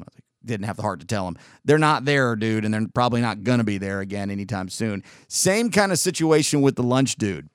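A man's voice: lowish voice, animated, fast talker, no echo, studio quality. A man hosting a radio show, telling a long casual story in a rambling, laid-back way with lots of fillers.

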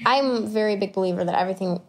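A woman actor telling stories in an interview, animated, laughing often and acting out her own past thoughts. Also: medium pitch, rapid-fire. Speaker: actor guest. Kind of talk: conversational interview storytelling.

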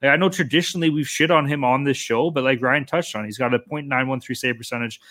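A man's voice: medium pitch, fast, bright, forceful tone. A man co-hosting a sports betting podcast, chatting casually and swearing often. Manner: loose, swears often, joking. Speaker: podcast co-host.

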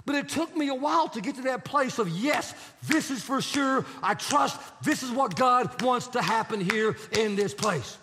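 A man's voice: extremely high pitch, animated, normal speed, hardly any pauses, over music. A male pastor preaching a sermon, telling a story and acting out the quotes. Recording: preached in a reverberant hall.

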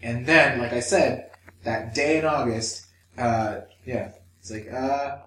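A man with a mid-range, slightly bright voice talks at normal speed while co-hosting a candid podcast. He tells a personal story with swearing and acted-out inner voices, recorded in an echoey room on a distant mic with slight background noise.

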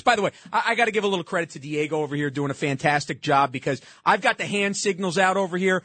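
Sarcastic talk-show host with a husky voice. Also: male voice, on the high side, fast, a bit bright, no echo. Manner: sarcastic, interrupts clips often. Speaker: radio show host commenting on clips. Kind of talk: opinionated talk-show commentary.

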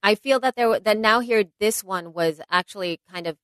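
A woman's voice: medium pitch, brisk, a bit bright, clean tone, no room sound, clean studio sound. A woman co-hosting a podcast in casual chat, talking hesitantly with frequent restarts. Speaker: podcast co-host.

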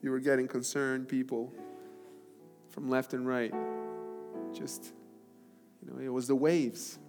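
A male pastor preaches in a church sanctuary, his voice ringing with long reverb across a large hall. He surges to loud, high calls and then drops to near-whispered lines, with guitar playing softly underneath. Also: level tone, takes it slowly. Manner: preaching with big swings from shouting to hushed. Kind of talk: sermon.

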